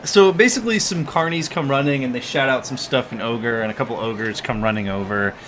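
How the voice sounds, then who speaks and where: A man's voice: medium pitch, brisk, fairly bright tone. A man narrating a tabletop game as game master in a casual, rambling way with fillers, with faint background noise.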